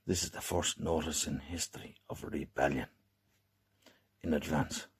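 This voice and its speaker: An Irish man delivering an angry, profane rant straight to camera, swinging between low hushed menace and shouting. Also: steady tone, moderate pace, husky.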